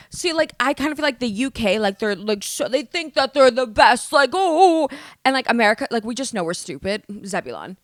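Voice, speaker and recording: A woman's voice: medium pitch, fairly bright tone, no room sound, studio quality. A young woman hosting a comedic solo podcast, rambling animatedly, swearing and poking fun at herself. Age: young adult. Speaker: podcast host.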